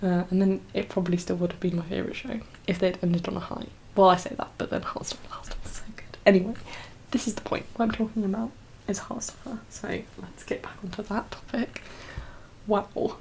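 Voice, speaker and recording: A soft-spoken young woman, chatting in an ASMR video, slipping into whispers and teary as she rambles with many fillers. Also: mid-range voice, steady tone, a little fast, creaky, rough recording. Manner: rambling, full of fillers and laughs. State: teary, emotional. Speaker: ASMR creator.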